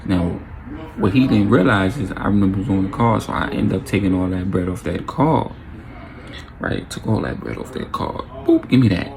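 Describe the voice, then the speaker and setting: Gravelly young man telling a wild story. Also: low-pitched, normal speed, noisy background. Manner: animated, acts out quotes with sound effects. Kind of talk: casual storytime vlog.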